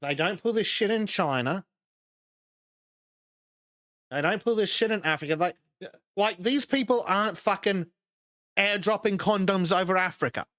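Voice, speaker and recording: A man's voice: high-pitched, normal speed, long pauses, fairly bright tone, no room sound. A man co-hosting a podcast over an online voice call, his slightly raised voice sounding dry and close to the mic. He talks in casual, biting sarcasm and swears freely. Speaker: podcast co-host. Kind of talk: casual chat.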